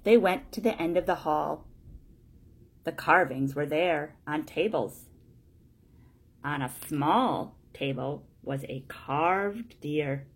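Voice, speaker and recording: A woman with a low, husky voice reads a children's storybook aloud. She takes her time, with a gravelly edge on the words and a plain, steady delivery, one short sentence after another. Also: slow. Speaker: storybook reader.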